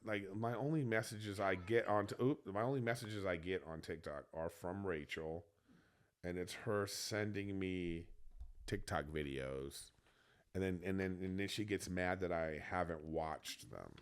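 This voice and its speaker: A man's voice: sits low, a little slow. A man co-hosting a podcast in casual chat, rambling through amused anecdotes with lots of restarts. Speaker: podcast co-host.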